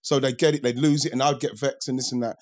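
A man talking through old memories in a relaxed podcast chat. He is reflective and repeats himself as he builds each story, and his voice sits at an ordinary pitch. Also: quick pace. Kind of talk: casual chat.

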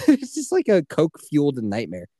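Podcast host, man, thirties, casual swearing raconteur, lively pitch, dry close recording. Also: moderate pace, no room sound. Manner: animated storytelling, swearing, acting out quotes. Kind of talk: casual chat.

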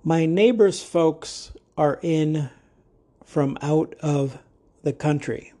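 Male podcast host, laid-back delivery, slow and mellow, rambles into jokes. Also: on the high side. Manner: jokey, rambling with asides. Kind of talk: casual podcast monologue.

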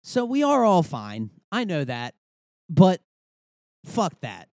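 A man's voice: sits high, wildly swooping pitch, slow, a little mellow, no echo, studio quality. A young man hosting a podcast, ranting casually with swearing and rambling asides. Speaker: podcast host. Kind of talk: casual comedic rant.

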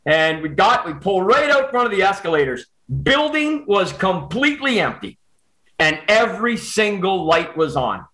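A Canadian man telling a personal story in casual chat, animated and quick with restarts. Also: high voice, poor audio.

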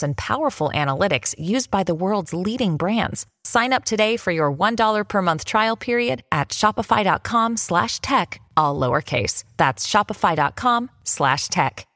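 A woman's voice: fairly bright tone, no echo, studio quality. A woman reading a scripted ad spot for a podcast. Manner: smooth scripted pitch. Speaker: ad announcer. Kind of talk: read commercial.

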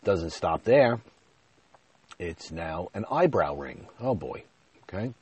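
A man with a deep, low voice tells a long story on his podcast, rambling and poking fun at himself. He says "you know" constantly, and his voice shoots up and gets loud whenever he acts out an argument. The sound is close and dry, with no room echo. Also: big pitch swings, takes it slowly, breathy edge. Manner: rambling, self-deprecating, heavy on "you know"; gets loud and high when retelling arguments. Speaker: podcast host. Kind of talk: casual storytelling monologue. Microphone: podcast mic.

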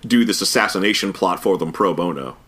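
Male podcast co-host, lowish voice, casual, thoughtful, plenty of "uh" fillers. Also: fairly quick, a bit bright, husky. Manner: thoughtful, with frequent "uh" fillers and restarts. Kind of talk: casual review chat.

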